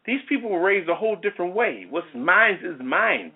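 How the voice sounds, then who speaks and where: Talk show host, male, rambling and animated, phone-quality audio. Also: high-pitched, brisk, slightly rough. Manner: rambling, full of "you know" and restarts. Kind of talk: casual chat. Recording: tinny phone-like sound.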